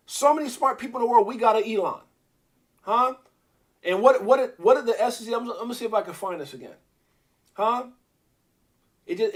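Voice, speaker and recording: Middle-aged male stream host with a high voice; heated, repetitive, stammering ranter. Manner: fiery, repeats himself, stammers when worked up. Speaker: livestream host. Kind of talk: heated casual commentary.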